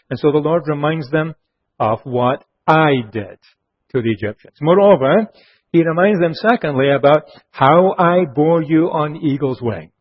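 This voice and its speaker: A man preaching an expository sermon, earnest, slowing down and dropping his voice low on key phrases. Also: animated, husky. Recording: muffled lo-fi sermon recording.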